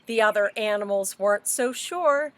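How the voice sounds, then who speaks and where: A woman librarian reading a picture book aloud to children, animated and asking them questions as she goes. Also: mid-range voice, moderate pace, dry recording. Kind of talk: children's story read-aloud.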